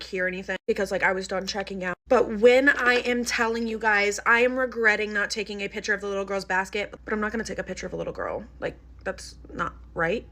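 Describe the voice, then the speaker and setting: A woman telling a casual storytime vlog, animated and gossipy, filling her sentences with "like". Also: medium pitch. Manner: animated and gossipy, heavy use of "like". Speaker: storytime vlogger.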